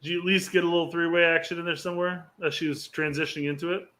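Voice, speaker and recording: A man's voice: a little high, flat delivery, racing, sharp tone. A man co-hosting a soccer podcast, teasing his partner in playful casual chat. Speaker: podcast co-host.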